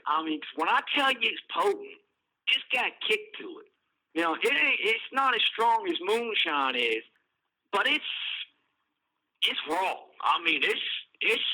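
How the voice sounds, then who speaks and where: Man, casual storytelling, profane, rambling, high, bright edge. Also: rough recording. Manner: rambling, profane, laughing at his own story. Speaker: podcast host, prisoner telling stories.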